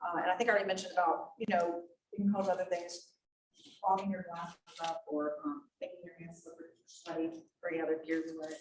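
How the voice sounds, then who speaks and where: A woman's voice: lowish voice, level tone, fast talker. A woman gives a safety presentation, chatty and often asking the room questions. She sounds set back from the microphone in a reverberant meeting room. A faint hiss runs underneath. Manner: conversational, asks the room questions. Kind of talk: presentation with audience discussion. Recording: echoey room, mic at a distance, faint noise.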